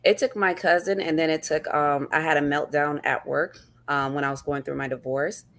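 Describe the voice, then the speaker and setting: Low gravelly-voiced woman author. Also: steady tone, moderate pace, fairly bright tone. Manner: earnest, reflective, repeats phrases. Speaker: author and guest. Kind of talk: personal interview talk.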